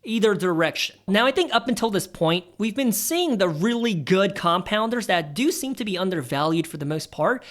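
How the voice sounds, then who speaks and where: A man in his thirties hosting a casual stock-analysis tutorial, chatty and animated, dropping jokey asides as he walks through the numbers. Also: sits high, normal speed, few pauses. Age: 30s. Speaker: investing channel host.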